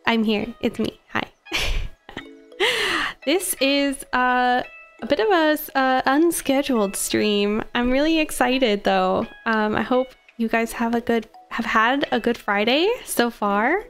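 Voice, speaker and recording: A woman's voice: a little high, lively intonation, slow pace, fairly bright tone, clear, resonant tone, soft background music. A woman streamer chatting casually with her live chat, bubbly and giggly, hesitating with frequent ums and restarts. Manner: bubbly, giggly, greets chat with repeated hellos.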